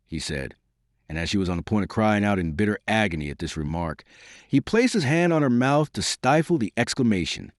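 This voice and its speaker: A male audiobook narrator with a low voice and a lively, expressive delivery. His measured reading is recorded dry and close, with no room sound. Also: no room sound. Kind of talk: scripted narration.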